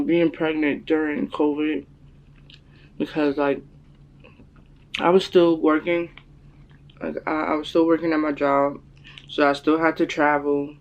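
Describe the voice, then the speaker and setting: A woman's voice: muffled recording, slight background noise. A young woman, telling a personal story to her camera in casual chat, acting out what people said. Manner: animated, acts out quotes in a higher voice. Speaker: vlogger.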